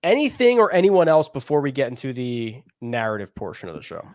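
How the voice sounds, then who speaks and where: A man co-hosting a podcast, talking through golf betting picks in a rambling, animated way with laughs in between. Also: mid-range voice, fairly quick, no room sound, clean studio sound. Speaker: podcast co-host. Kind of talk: casual golf betting chat.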